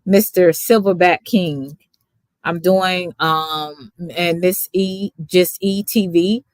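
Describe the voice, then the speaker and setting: A woman's voice: fairly low pitch, steady tone, takes it slowly, no echo, studio quality. A woman from Dallas with a Texas accent, sleepy and chatty, rambling as she thanks her livestream viewers by name. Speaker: YouTube reaction streamer. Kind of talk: casual livestream sign-off.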